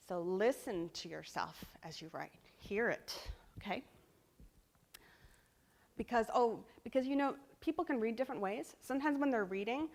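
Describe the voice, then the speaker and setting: A woman giving a conference talk, teaching in a lively, emphatic way with asides to the audience. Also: mid-range voice. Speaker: conference speaker.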